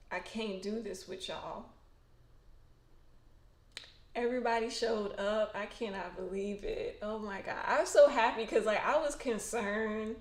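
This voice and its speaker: A woman hosting a casual livestream, chatting emotionally and colloquially with frequent restarts. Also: medium pitch. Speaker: tarot reader and fan livestream host. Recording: echoey room.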